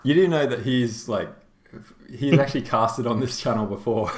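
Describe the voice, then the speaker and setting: A man's voice: medium pitch, expressive, normal speed. An Australian man hosting a game tournament stream, chatty and rambling, laughing often and full of fillers. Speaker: tournament caster and stream host. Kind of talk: casual live-stream chat. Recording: roomy echo.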